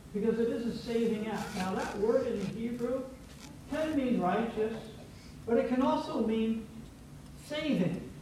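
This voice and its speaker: A man's voice: extremely high pitch, background noise. A man preaching a sermon as pastor, playful and teacherly, coaxing his congregation to repeat words after him. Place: church sanctuary. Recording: very echoey church, distant from mic.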